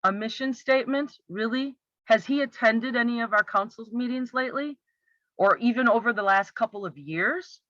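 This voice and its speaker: Commentator, exasperated and sarcastic, tense bright tone, dull dry recording. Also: mid-range voice, normal speed, no echo. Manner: sarcastic, exasperated rhetorical questions. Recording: slightly muffled, dry.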